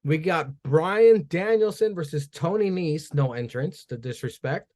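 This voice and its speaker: A man hosting a comedy podcast, briskly recapping wrestling segments with wry, profane asides. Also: a little high, lively intonation, a little mellow. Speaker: podcast host. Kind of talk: casual show recap.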